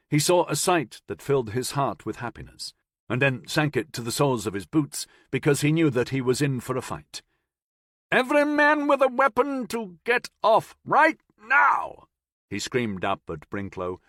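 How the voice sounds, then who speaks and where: Male audiobook narrator, mid pitch, steady and measured, close dry mic. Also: no room sound. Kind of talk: scripted narration.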